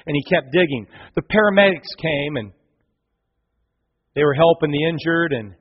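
A male pastor preaching a sermon, telling a story with passion and big swings from loud to quiet. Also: a little high, lively intonation, moderate pace, pauses often, slightly rough. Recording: long hall reverb, dull lo-fi sound.

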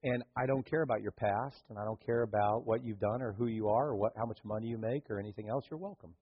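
A pastor delivering a lively sermon in a church, acting out the scenes of his story and joking with the congregation. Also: on the low side, quick pace, slightly rough, lo-fi sound. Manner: animated storytelling, acts out scenes, jokes with the congregation. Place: church sanctuary.

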